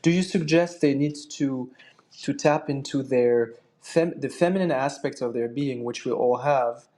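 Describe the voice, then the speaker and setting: A man's voice: medium pitch, measured pace, mellow. A man taking part in a casual spiritual discussion, speaking earnestly with many restarts and fillers. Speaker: guest participant.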